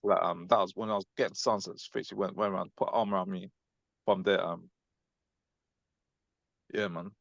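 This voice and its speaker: Young guy, low and fast, rambling, "innit"-heavy, dry lo-fi call audio. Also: steady tone, gravelly, fairly bright tone, dry recording. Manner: rambling, filler-heavy, ends lines with "innit". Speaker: class member recounting an encounter. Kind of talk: casual call chat. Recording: dull lo-fi audio.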